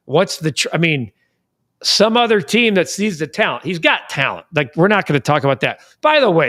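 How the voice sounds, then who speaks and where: A man hosting a casual sports talk show from a studio, ranting in an animated way that jumps between calm and loud. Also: on the high side.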